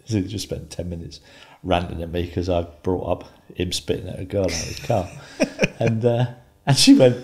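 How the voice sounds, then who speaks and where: Calm man in his fifties, low-pitched. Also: normal speed, few pauses. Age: 50s. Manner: calm, laughs often while telling anecdotes. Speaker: guest, former footballer and pundit. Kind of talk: casual interview storytelling.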